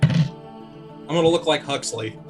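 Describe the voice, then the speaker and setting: A man playing a tabletop game, speaking haltingly with many pauses. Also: on the high side, music in the background. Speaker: player. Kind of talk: casual tabletop game play.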